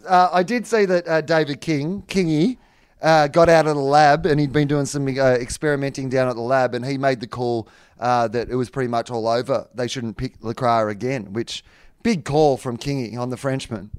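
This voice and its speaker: A man's voice: mid-range voice, fairly even intonation, moderate pace, smooth, no room sound, studio quality. An Australian man co-hosting a sports podcast, chatting casually with lots of fillers and some swearing. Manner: loose, swearing, frequent fillers. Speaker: podcast co-host.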